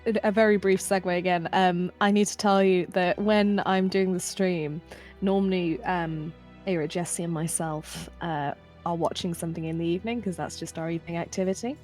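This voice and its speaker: A woman's voice: fairly low pitch, steady tone, normal speed, a little mellow, faint music behind. A woman co-hosting a game stream, telling a rambling story in casual chat and laughing often. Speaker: stream co-host.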